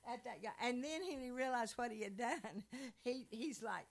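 A woman preaching a sermon, telling lively stories with laughter. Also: on the high side, slow pace, gravelly, poor audio. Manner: animated storytelling with laughs.

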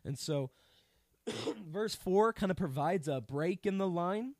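Lively, animated man teaching scripture. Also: sits high, slow pace, no echo, clean studio sound. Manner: conversational, animated, paraphrases scripture in everyday speech. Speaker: Bible teacher. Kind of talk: casual Bible study teaching.

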